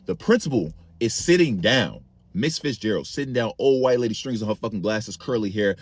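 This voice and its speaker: A man's voice: on the low side, lively intonation, fairly quick, husky. A man telling a casual, profane story and calling his listeners gang.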